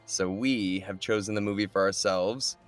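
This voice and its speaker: A man's voice: on the low side, fairly even intonation, moderate pace, faint music behind. A man co-hosting a podcast, chatting casually with a friend and joking sarcastically. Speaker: podcast co-host. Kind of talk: casual chat between friends.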